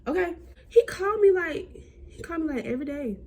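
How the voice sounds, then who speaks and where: A young woman telling a personal story to camera in a chatty, animated way. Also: fast talker. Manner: animated, chatty, acts out quotes with big jumps in pitch. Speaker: vlogger.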